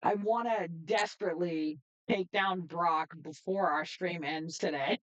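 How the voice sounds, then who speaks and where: A woman streamer giving excitable, chatty live gameplay commentary. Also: on the low side, measured pace, poor audio. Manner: excitable, chatty, laughs often.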